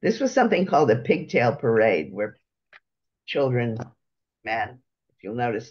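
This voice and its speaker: A man giving an unhurried slide-show lecture, pausing often as he explains each picture. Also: fairly low pitch, muffled recording.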